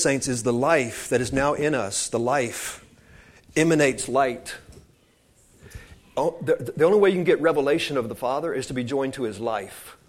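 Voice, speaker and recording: A man preaching an informal sermon, talking conversationally and wandering into asides, calling his listeners saints. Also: on the high side.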